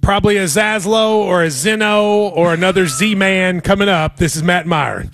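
A man's voice: sits high, moderate pace, fairly bright tone, slight background noise. A man hosting a sports radio show, chatting casually about betting picks with wry, playful banter.

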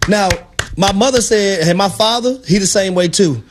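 A man's voice: high-pitched, moderate pace, background noise. A man co-hosting sports talk radio, telling stories with an exuberant, preachy delivery and playful quotes.

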